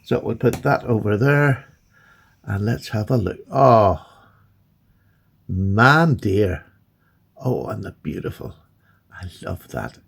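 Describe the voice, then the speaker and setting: A man chatting excitedly and gushing as he unboxes and admires his new knives. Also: lowish voice, takes it slowly, creaky, long pauses, husky. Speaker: knife collector vlogger. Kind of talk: casual unboxing chat.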